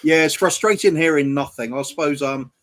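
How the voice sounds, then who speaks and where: A man's voice: a little high, a little fast, a bit bright. A man on a casual panel chat, speaking hesitantly with many fillers.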